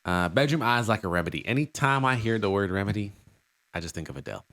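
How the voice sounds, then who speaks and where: A man's voice: on the low side, animated, quick pace, fairly bright tone, no room sound. A man co-hosting a music reaction video, chatting in a laid-back, musing way and laughing easily. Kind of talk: casual reaction chat.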